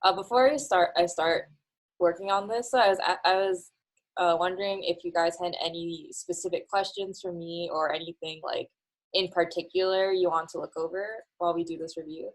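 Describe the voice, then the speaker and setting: A young woman teaching a coding class over a video call, chatty and relaxed with many fillers and laughs. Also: fairly low pitch, fairly quick, poor audio. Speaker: coding instructor.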